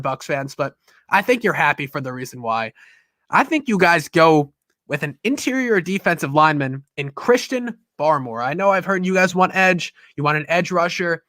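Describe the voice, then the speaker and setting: A man's voice: a little high, pushed and bright, no echo, clean studio sound. A man hosting a football podcast, talking through draft picks in a casual, rambling way that often stops and restarts. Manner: rambling, self-interrupting. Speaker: podcast host.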